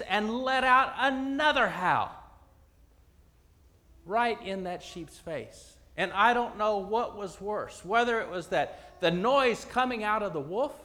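Man preaching a parable, slow dramatic pauses, high voice, echoey hall. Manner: dramatic storytelling with long pauses and swings from loud to hushed.

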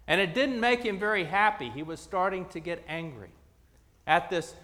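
A man telling a parable in a sermon, dramatic, with long pauses and swings from loud to hushed. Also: sits high, long reverb tail.

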